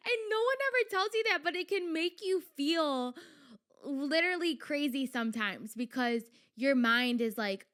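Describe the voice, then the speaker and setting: A young adult woman hosting her own podcast, talking in a chatty, animated way with lots of fillers and quoted inner voices. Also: high voice, measured pace. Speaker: podcast host. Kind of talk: casual solo podcast talk.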